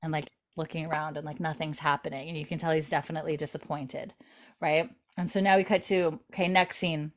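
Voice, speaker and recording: A woman's voice: low-pitched, little pitch movement, brisk. A woman recapping a TV episode in casual chat, quoting characters in lightly put-on voices and giggling often. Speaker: recap host.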